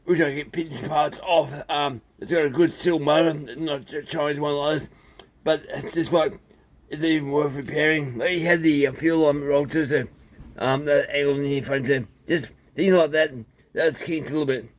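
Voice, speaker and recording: A man's voice: on the high side, steady tone. Rambling Australian man in a workshop. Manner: rambling, plain-spoken, halting with fillers. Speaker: small engine repairer. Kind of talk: casual workshop video.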